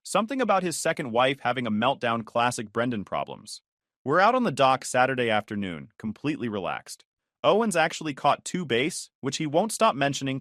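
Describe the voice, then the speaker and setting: Sardonic male storyteller, lively pitch. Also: no echo, studio quality. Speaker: narrator. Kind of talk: first-person story narration.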